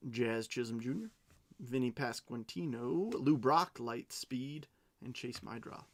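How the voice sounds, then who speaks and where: A man's voice: mid-range voice, measured pace. A man hosting a card break, chatting casually and reading out each card as he goes, with playful self-mocking asides. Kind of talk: casual live card-opening commentary.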